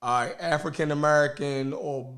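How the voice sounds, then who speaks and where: A man hosting a casual discussion, talking slowly and hesitantly with lots of "um" and "right". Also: fairly high pitch, fairly even intonation, fairly bright tone.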